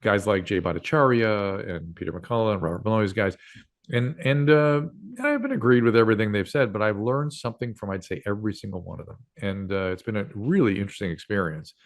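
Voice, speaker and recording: Low-voiced older man telling radio stories. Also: expressive, quick pace. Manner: rambling, frequent fillers and restarts. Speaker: guest doctor and radio host. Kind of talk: casual interview storytelling.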